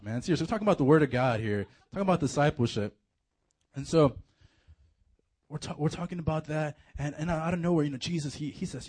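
A man preaching a casual, animated sermon to a youth group, full of slang and fillers. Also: mid-range voice, quick pace, breathy edge. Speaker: youth pastor.

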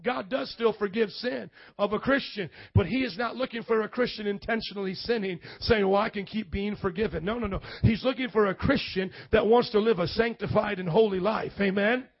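A male pastor preaching a sermon in a loud, colloquial way, often rising to shouts and calling out to the congregation. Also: sits high, fairly quick, few pauses, no room sound. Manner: casual, colloquial preaching with call-and-response asides. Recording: dull lo-fi audio.

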